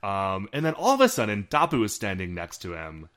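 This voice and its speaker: A man's voice: lowish voice, huge pitch swings, brisk, fairly bright tone. A man co-hosting a casual podcast, narrating episode scenes and quoting characters. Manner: storytelling, narrates scenes with quoted lines. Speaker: podcast co-host. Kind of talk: casual chat recapping a show.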